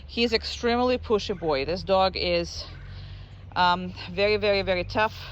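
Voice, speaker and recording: A dog trainer explains a training drill in a loose, conversational way, with a voice of middling pitch. A faint hiss sits under the talk. Between explanations the trainer's voice leaps up into squealing baby-talk praise for the dog. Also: normal speed, lo-fi sound. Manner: chatty, explains while working a dog. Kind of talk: casual training demo.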